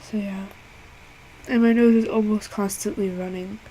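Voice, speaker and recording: A sick young woman, congested and hoarse, talking wearily in a casual vlog, with many pauses and fillers. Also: medium pitch, steady tone, mellow, slight background noise, low-quality recording. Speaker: vlogger.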